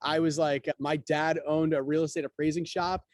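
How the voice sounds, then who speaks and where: A man's voice: a little high, little pitch movement, moderate pace, no echo. A man being interviewed as a guest, telling his story casually and acting out the quotes of people in it. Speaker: guest, real estate broker.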